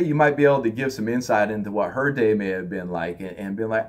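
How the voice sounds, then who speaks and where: A man's voice: lowish voice, quick pace, hardly any pauses, a little mellow. A man giving a loose, conversational spiritual talk, now and then acting out other people in raised voices. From United States. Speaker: spiritual teacher.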